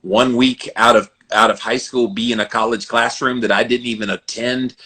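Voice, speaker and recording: At a normal pace and a middle pitch for a man, a Southern American podcast host gives advice in an animated, earnest way during a conversational interview. His voice has a bright, forward ring.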